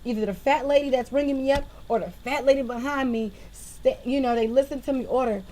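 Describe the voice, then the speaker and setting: Young-sounding woman with a raised pitch, venting at home into a webcam. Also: a little fast, poor audio. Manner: animated, exasperated ranting. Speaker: vlogger. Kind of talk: casual venting monologue.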